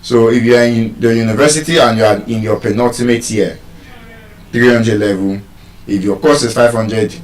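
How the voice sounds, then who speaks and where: A man giving a live lesson on word stress, deliberate and teacherly, repeating key terms. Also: mid-range voice, steady tone. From Nigeria. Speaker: English language teacher. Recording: roomy sound, mic far off.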